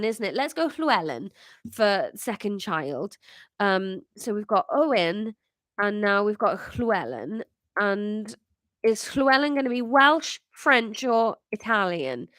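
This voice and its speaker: A woman's voice: mid-range voice, fairly bright tone, no echo. A woman hosting a podcast, chatting and reading an improvised comic story, self-mocking and full of restarts.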